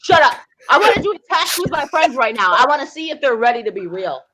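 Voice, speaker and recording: Argumentative woman with a high voice that leaps up and down as she rants. She swears freely and cuts others off with shouted commands, holding the floor in a heated livestream debate. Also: big pitch swings, fast talker. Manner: combative, profane, shouting people down.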